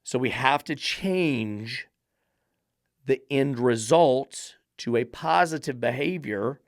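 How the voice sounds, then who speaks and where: A man's voice: mid-range voice, expressive, slow pace, dry recording, studio quality. A man hosting a dog training podcast, lecturing emphatically with repeated rhetorical questions. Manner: preachy, repetitive rhetorical questions.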